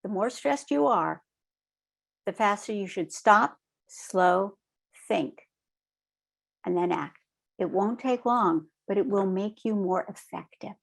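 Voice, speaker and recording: A woman trainer speaks slowly and deliberately, giving a lesson in a calm, steady manner. She is middle-aged and often pauses to check in with her listeners. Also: medium pitch, creaky. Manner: calm, measured, repeats "right?" to check in. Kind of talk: recorded online training lecture.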